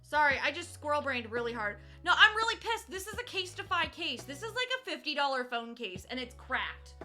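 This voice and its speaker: Young woman streamer, high piercing voice, chatty and teasing, swears freely, crafting on stream. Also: very animated, a little fast, bright, forceful tone, soft background music. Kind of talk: casual live-stream chat while cross-stitching.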